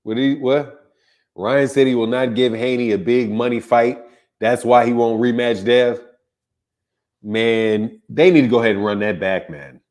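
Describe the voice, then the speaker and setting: A man's voice: medium pitch, fairly even intonation, unhurried, darkish tone. A man hosting a live boxing stream, chatting casually, laughing often and greeting viewers by name. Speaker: boxing channel host.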